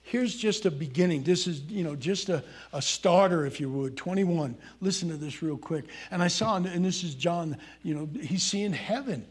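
A man delivers a folksy, conversational sermon, breaking off from scripture to ask his congregation questions. His voice sits high for a man and has a husky, slightly rough edge. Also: moderate pace, few pauses. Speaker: pastor.

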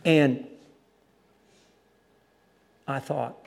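A man preaching, telling a story about street preaching with lively, animated delivery and acted-out voices. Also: medium pitch, measured pace, gravelly, slight background noise. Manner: animated storytelling, acting out other voices loudly. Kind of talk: sermon with storytelling.

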